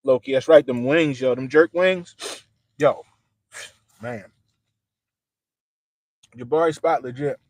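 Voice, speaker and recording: A man's voice: medium pitch, slow, pauses often, a little mellow, no echo. Man chatting on a dry stream. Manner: loose, slangy, talks straight to viewers. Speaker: livestream host. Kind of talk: casual livestream chat.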